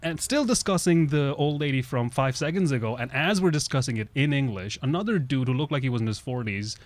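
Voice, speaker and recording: A man's voice: mid-range voice, animated, brisk, no room sound. Man, podcast host, from russia, casual rambling chat, filler-heavy. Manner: conversational, loose, many "you know" fillers.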